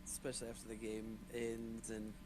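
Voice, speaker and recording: A man acting as game master, chatting casually over a voice call and pitching a short session, hesitant and full of fillers. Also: completely flat delivery, normal speed, over a noisy crowd. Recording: noisy voice chat line.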